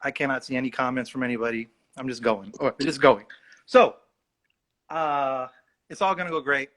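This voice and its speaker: Bright-voiced man telling a rambling story. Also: medium pitch, normal speed. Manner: animated, self-mocking, rambling anecdotes. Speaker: actor guest. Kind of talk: casual livestream storytelling.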